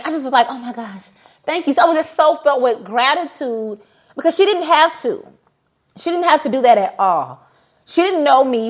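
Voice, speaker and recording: A woman in her thirties, a business owner hosting a casual motivational talk, telling personal stories in a heartfelt way with many fillers. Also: high voice. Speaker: business owner and podcast host.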